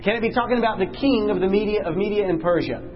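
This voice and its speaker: Man teaching a lively Bible class. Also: lo-fi sound, soft background music. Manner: questions the class, slows and drops low for emphasis.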